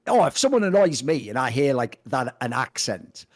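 A man's voice: medium pitch, very animated, moderate pace. A man co-hosting a podcast, talking bluntly and emphatically in a casual, opinionated chat, swearing freely. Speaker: podcast co-host.

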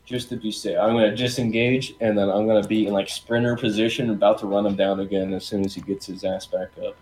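A man playing a tabletop game, talking casually with brash, profane, excited bursts. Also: lowish voice, quick pace, slight background noise, poor audio. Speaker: player.

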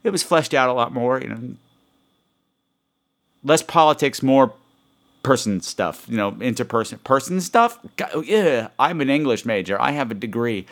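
A man's voice: medium pitch, lively intonation, moderate pace, a bit bright. Podcast guy rambling on his own, jumpy and self-deprecating, chatty. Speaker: podcast host. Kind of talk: casual podcast monologue.

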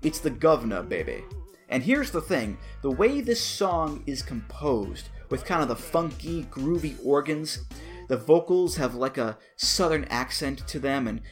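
Dude doing a video essay, lively up and down voice, joking asides, bit of music behind. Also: male voice, a little high, measured pace. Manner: animated, playful, wry asides. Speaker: host.

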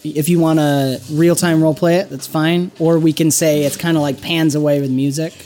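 Gm telling the scene slow and soft, mid-pitched voice, tabletop game. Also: fairly even intonation. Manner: slow, drawn-out storytelling with soft drops in volume. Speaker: game master.

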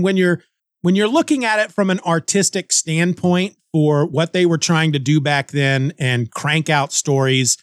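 A man hosting a comic book review podcast, talking casually in a rambling, joking way that thinks out loud. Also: on the high side, dry recording, clean studio sound. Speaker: podcast host.

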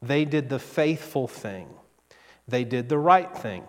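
Slow-preaching pastor in a reverberant hall. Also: male voice, mid-range voice, expressive. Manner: dramatic pauses, slow deliberate preaching. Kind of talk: sermon.

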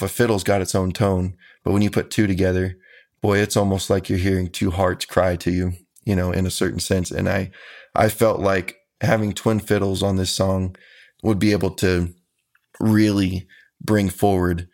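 A man, a country musician, answering interview questions about his music in an earnest, folksy, measured way. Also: sits low.

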